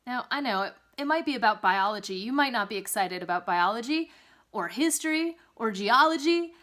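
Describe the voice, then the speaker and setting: A woman teaching test preparation in an upbeat monologue, swinging her voice up and down to demonstrate. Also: moderate pace. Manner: lively, swings pitch up and down to demonstrate. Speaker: English test prep teacher.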